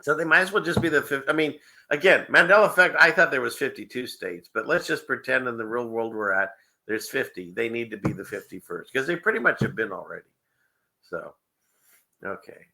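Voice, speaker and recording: Male host, casual livestream chat, gravelly edge, very bright tone, rambling with lots of chuckles. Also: mid-range voice, fairly quick. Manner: rambling, chuckling often, conspiratorial asides. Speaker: show host.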